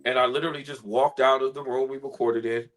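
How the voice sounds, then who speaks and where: A man, a spoken word artist, telling an emotional personal story in an earnest, heartfelt way, sometimes soft-spoken. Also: medium pitch, fairly even intonation, quick pace, low-quality recording.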